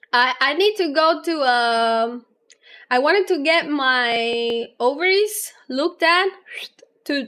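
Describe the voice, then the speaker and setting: A young woman with a high, light voice chats with her livestream viewers in a loose, rambling way. She breaks into frequent laughs. Her energy sits on the low side. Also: fairly bright tone. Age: young adult. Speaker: streamer. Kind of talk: casual livestream chat, reading chat aloud.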